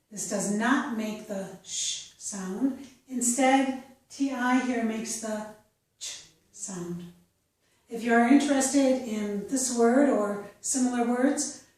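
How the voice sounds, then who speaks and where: A woman with a fairly high voice talks slowly through a pronunciation lesson. She spells out letters and repeats words with care. The room is very echoey and she sits back from the mic. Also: darkish tone, far from the mic. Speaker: pronunciation teacher. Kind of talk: slow, careful pronunciation lesson.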